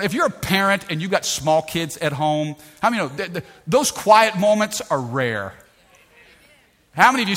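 A man preaching a sermon, swinging between hushed, drawn-out lines and loud, rising calls to the congregation. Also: high voice. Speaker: pastor.

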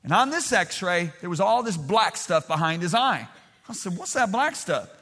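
A man preaching a sermon emphatically, calling on the congregation to answer aloud and swinging between shouts and quiet storytelling. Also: high voice, sing-song, normal speed, long reverb tail.

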